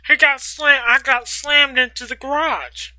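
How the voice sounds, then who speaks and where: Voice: high-pitched, fairly even intonation, measured pace, pushed and bright, no room sound, low-quality recording. A storytime host reading a fan story aloud, stopping often for playful, slangy comments and laughs. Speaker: storytime reader.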